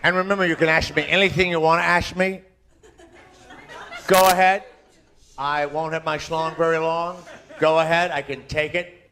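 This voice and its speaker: A man's voice: a little high, fairly even intonation, pushed and bright. A male show host joking with the audience and signing off a live broadcast. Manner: joking, brisk thank-yous to the crowd. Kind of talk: live radio show sign-off. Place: live comedy venue with audience. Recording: crowd noise over live show audio.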